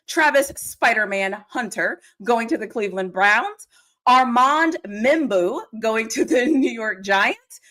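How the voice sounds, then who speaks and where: A woman's voice: on the high side, animated, measured pace, a bit bright. A British woman on a casual livestream, giggling and self-conscious as she reads out a list of picks. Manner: giggly, self-conscious, laughs between words. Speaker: guest reading mock draft picks.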